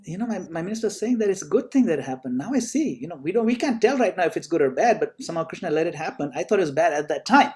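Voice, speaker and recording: A man's voice: a little high, lively intonation, rapid-fire, hardly any pauses, darkish tone, close to an everyday voice. A man telling a story and voicing an indignant king who scolds his minister. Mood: amazed. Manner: indignant and exclaiming. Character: angry, then relieved male king.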